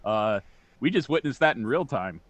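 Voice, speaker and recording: A man co-hosts a loose podcast and speaks into a headset. He tosses out dry, crude teasing jokes in a relaxed, offhand way. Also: mid-range voice, normal speed, no echo. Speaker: podcast co-host. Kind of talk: casual podcast chat.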